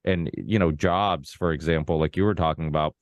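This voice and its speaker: With a bass voice and fairly even intonation, a male podcast host of Portuguese background speaks briskly in a casual conversation. He rambles, restarting and going off on asides. The recording is muffled but has no echo.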